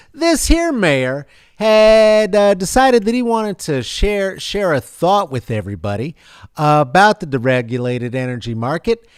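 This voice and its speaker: A man's voice: high-pitched, clean tone, dry recording, clean studio sound. A man hosting a sarcastic, rambling comedic news commentary with many fillers. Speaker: vlog host.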